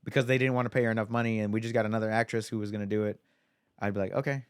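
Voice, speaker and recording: A man's voice: fairly low pitch, level tone, very fast, clear, resonant tone, no room sound, studio quality. A man co-hosting a podcast, rambling casually with lots of fillers. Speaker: podcast co-host. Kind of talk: casual chat.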